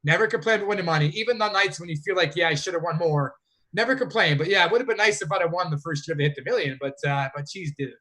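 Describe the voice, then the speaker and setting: A man's voice: a little high, fast talker, bright, forceful tone. A man from Canada, a fantasy sports player, telling long rambling stories as a guest in a casual interview. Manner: rambling, self-correcting storyteller.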